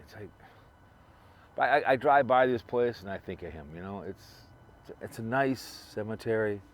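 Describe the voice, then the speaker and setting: A man talking in a loose, rambling way, repeating himself while he drives and remembers a friend. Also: fairly low pitch. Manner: rambling, repetitive, restarts a lot. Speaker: vlogger remembering a late fellow creator. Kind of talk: casual rambling monologue.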